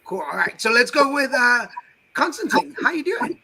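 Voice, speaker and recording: A man's voice: extremely high pitch, sing-song, moderate pace, vocal fry, pushed and bright, low-quality recording. A man hosting a casual interview with a theatre cast, chatty and joking, with plenty of fillers. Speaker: interview host.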